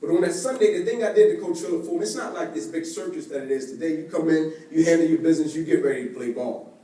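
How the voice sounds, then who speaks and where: High-voiced man speaking in an echoey hall. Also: quick pace. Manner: acts out quoted voices, swings from hushed to excited. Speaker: motivational speaker. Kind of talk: storytelling keynote speech. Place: large event hall. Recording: echoey hall from far off, faint noise.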